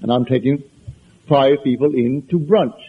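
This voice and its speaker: Husky man lecturing on a tinny recording. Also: medium pitch, measured pace. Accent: foreign accent. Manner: conversational, anecdotal, emphatic repetitions. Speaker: spiritual lecturer. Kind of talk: spiritual lecture to an audience.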